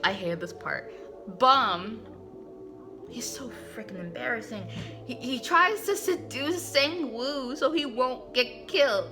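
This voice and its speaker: A woman hosting a casual comic recap, talking in a chatty, animated way with many fillers. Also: a little high, slow, music in the background.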